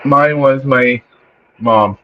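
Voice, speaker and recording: A man's voice: medium pitch, drawn-out words, no room sound. A man co-hosting a casual livestream, giving brief laid-back answers. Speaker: co-host. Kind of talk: casual live-stream chat. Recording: dull, dry lo-fi sound.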